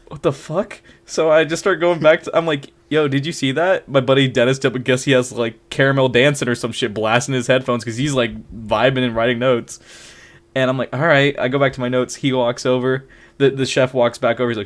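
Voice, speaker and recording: A young man co-hosting a podcast, telling a story in a casual, animated way, laughing often and acting out the people in it. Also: mid-range voice, a little fast. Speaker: podcast co-host.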